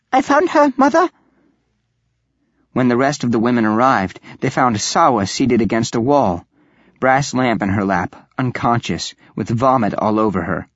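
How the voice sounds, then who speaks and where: A man reads a fantasy novel aloud in steady, even storytelling narration. His voice is husky and mid-pitched, recorded dry with a dull, slightly lo-fi sound. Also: no room sound. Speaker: audiobook narrator. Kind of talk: scripted fantasy audiobook narration.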